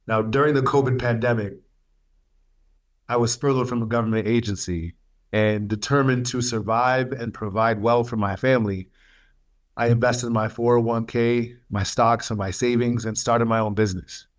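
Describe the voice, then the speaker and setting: A man sharing his life story as a webinar speaker, earnest and emotional, with halting pauses and fillers. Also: mid-range voice, steady tone. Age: adult, studying for a master's. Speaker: webinar speaker, youth mentor.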